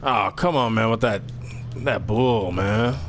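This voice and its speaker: Slow-talking young guy trash-talking a game. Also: lowish voice, faint music behind. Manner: slangy, excitable, trash-talking. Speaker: gaming commentator. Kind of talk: casual video game commentary.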